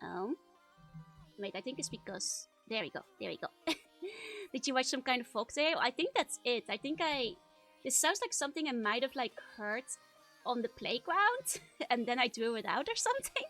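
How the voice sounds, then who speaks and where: A woman's voice: a little high, sing-song, moderate pace, a bit bright, soft background music. A woman streamer chatting casually while she reads an old childhood comic, laughing often between filler words.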